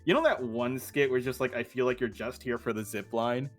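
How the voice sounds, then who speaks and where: A man hosts a relaxed live stream, chatting with a guest and with his viewers. He laughs easily between remarks, and faint music plays in the background. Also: medium pitch, a little fast. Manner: laughs often, talks to his chat. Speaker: streamer host. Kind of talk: casual stream chat.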